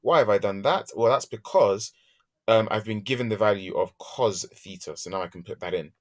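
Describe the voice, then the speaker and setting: A man teaching a maths lesson, working through examples step by step and thinking aloud as he goes, humming softly while he draws graphs. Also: on the low side, normal speed.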